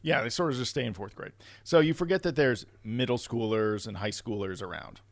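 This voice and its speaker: A man co-hosting a casual podcast, chatting in a relaxed way and recapping an episode. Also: mid-range voice, a little fast, no room sound. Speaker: podcast co-host.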